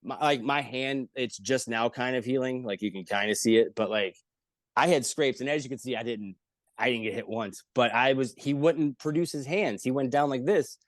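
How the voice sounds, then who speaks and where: A man telling stories in casual chat, lively and profane, acting out the people he quotes. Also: medium pitch, moderate pace, dry recording. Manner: animated, swearing, acts out quotes in voices. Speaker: podcast guest. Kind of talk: casual storytelling.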